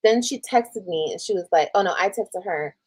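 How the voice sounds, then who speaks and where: A woman from Texas talks straight to her viewers in a casual storytime livestream. She is candid and emotional, reads old messages aloud and swears freely. Her pitch sits in the middle for a woman. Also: normal speed, a little mellow, husky. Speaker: streamer telling a personal story.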